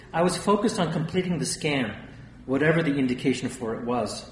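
A male audiobook narrator tells a first-person memoir in a tense, storytelling way, his voice fairly high, expressive, and a little quick. The recording sounds roomy and distant, with a faint hiss.

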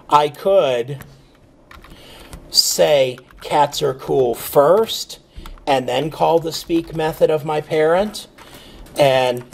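A man teaching programming in a relaxed, screen-recorded lecture, thinking aloud with fillers and checking in with "okay?". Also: medium pitch, vocal fry, husky. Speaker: programming instructor.

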